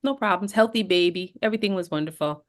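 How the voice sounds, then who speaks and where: A middle-aged woman co-hosting a podcast, telling a personal story in casual chat and acting out the voices she quotes. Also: fast. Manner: animated, acts out quoted voices with big pitch jumps. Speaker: podcast co-host.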